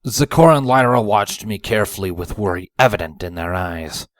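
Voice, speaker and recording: Low-voiced man narrating a story. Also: expressive, a little fast, dry recording. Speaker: fanfiction reader.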